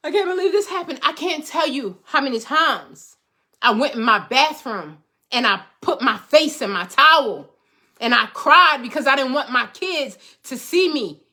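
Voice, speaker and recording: Middle-aged woman, motivational host, high bright voice, emphatic and preachy. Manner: emphatic, preachy, repeats phrases for rhythm. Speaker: host, life coach. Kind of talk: motivational talk to viewers.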